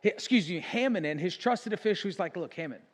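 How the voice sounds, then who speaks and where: Casual storytelling pastor, echoing church. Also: male voice, high voice, lively intonation, quick pace. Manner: casual storytelling with frequent "like" and self-corrections. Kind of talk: sermon. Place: church sanctuary. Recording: long church hall reverb.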